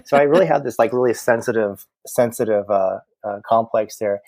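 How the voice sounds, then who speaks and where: A man's voice: on the low side, a little fast, no room sound. A man who works as a medium, chatting as a podcast guest and telling stories animatedly, acting out the conversations. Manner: animated, acts out quoted exchanges, many restarts. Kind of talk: casual storytelling chat.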